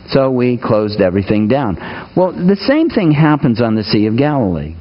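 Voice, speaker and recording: A man of middle pitch preaches a folksy, conversational sermon in a church, drawing the congregation in with questions. The recording sounds dull and lo-fi. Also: wildly swooping pitch, moderate pace.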